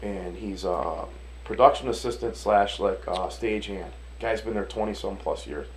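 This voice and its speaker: In a laid-back interview, a chef and restaurant owner from Detroit, USA, spins lively stories, casually cursing and doing the voices of the characters. He speaks on the low side at a moderate pace, and the audio is poor, with a little hiss or hum.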